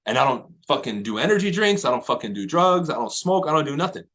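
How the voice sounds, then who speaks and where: Casting: male real estate coach, mid-pitched, intense, profane, motivational. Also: sing-song, quick pace, fairly bright tone. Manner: profane, high-energy, emphatic. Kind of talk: motivational talk to agents.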